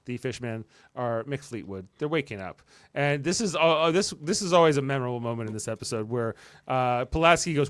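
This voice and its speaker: A man hosting a podcast, casually recapping an episode and slipping into quick playful voices for the characters. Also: medium pitch, animated, clean tone, no echo. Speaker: podcast host.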